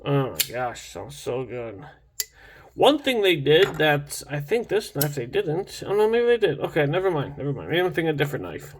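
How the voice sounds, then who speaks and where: A man's voice: on the high side, big pitch swings, fairly quick, few pauses, breathy edge. A young man casually reviewing a knife in a rambling, enthusiastic vlog, full of restarts and fillers.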